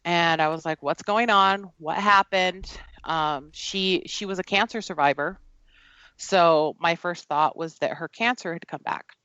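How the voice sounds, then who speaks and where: A woman telling a personal story in an earnest, halting way, with frequent fillers. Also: sits low, fairly even intonation, a bit bright, clean tone, no room sound, muffled recording. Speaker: guest. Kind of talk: personal storytelling in a podcast conversation.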